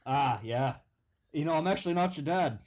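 A man's voice: on the high side, lively intonation, darkish tone, natural voice. A man playing an awkward stepdad. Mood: sheepish. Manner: halting, full of ums, sheepish. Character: awkward fake-Australian stepdad.

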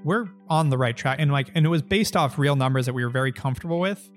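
A man's voice: medium pitch, fast talker. Thirties guy, business founder, blunt swearing storyteller, faint music behind him. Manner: blunt, profane, animated storyteller. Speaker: agency founder and guest. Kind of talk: casual interview storytelling.

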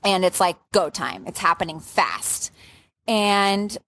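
A woman telling a story in a casual, animated way, swearing freely and swinging her pitch up and down. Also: slow. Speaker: podcast guest.

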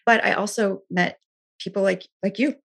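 A woman's voice: mid-range voice, fairly even intonation, normal speed, gravelly, fairly bright tone. A woman being interviewed, earnestly telling a personal story in a candid way, often saying "like" and restarting her sentences. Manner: earnest, frequent filler "like", restarts. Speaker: interview guest.

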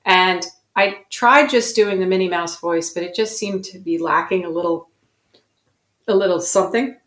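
A woman with a low, bright and forceful voice thinks aloud as she tells stories about her acting work, correcting herself as she goes. She sounds like she is in a roomy space with echo. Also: moderate pace. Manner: reflective, self-correcting storyteller. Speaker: guest actor. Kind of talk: interview conversation.

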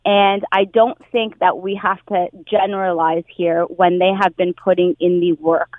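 A woman's voice: on the low side, little pitch movement, unhurried, dry recording. Woman on a tinny phone line. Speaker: union public relations director. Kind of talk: phone-in radio interview.

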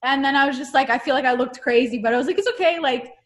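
High-voiced woman, candid and emotional. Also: fairly even intonation, racing. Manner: emotional, heavy use of "like"; acts out her own inner voice. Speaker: podcast guest. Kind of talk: candid conversation.

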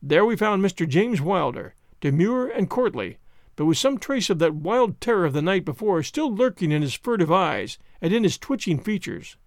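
Expressive man narrating a detective story. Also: sits high, moderate pace, dry recording, studio quality. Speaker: audiobook narrator.

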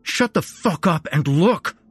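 A man voicing a crude, foul-mouthed young man with slangy, profane talk, pitched well above his usual voice. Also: very animated, normal speed, slightly rough. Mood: shouting.

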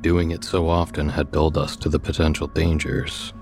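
A male storyteller with an extremely deep, low voice, reading a first-person tale in a steady, measured way. Soft music plays faintly underneath. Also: vocal fry. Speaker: narrator. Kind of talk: scripted story narration.

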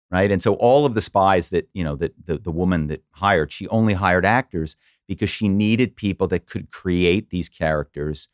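A middle-aged man from the Philadelphia area, an animated storyteller who slips into quoted voices as a podcast guest. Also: deep voice, no room sound, studio quality. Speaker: podcast guest, former corporate spy. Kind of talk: casual interview storytelling.

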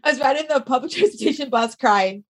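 A woman's voice: high voice, quick pace. A woman in her thirties, a trainer and podcast guest, animatedly telling a personal story and acting out quotes. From US East Coast. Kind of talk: casual interview storytelling.

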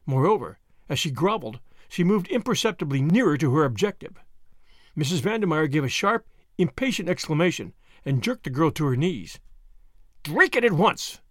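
A man reading a novel aloud with expressive storytelling delivery. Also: a little high, brisk, no echo, studio quality. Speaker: audiobook narrator. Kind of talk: scripted novel narration.

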